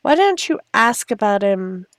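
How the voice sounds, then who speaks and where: A woman's voice: mid-range voice, very animated, measured pace. A woman chatting casually over her life-sim gameplay, talking to her characters and her viewers. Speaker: gameplay narrator. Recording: faint background music.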